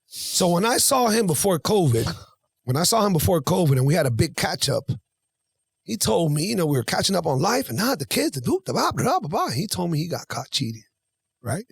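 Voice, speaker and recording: A man in his forties telling a story on a podcast, animated and acting out both sides of a conversation. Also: high voice, brisk, gravelly, breathy edge, no room sound. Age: 40s. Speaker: podcast guest. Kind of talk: casual storytelling.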